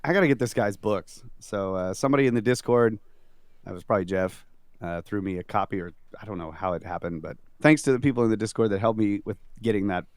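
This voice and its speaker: Smooth low-voiced man chatting easily. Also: fast talker, a little mellow, dry recording. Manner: easygoing storytelling with fillers. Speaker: podcast guest. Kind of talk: casual podcast chat.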